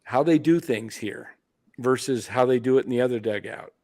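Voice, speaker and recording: A man's voice: medium pitch, normal speed, darkish tone. Rambling sports-talk man. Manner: rambling, hesitant storytelling. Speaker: podcast co-host.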